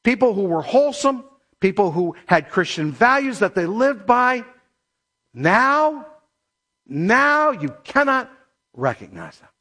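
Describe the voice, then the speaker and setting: Emphatic preacher with a high voice. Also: male voice, very animated, bright, forceful tone. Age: middle-aged or older. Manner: emphatic preaching, slows to stress scripture. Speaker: pastor. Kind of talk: sermon.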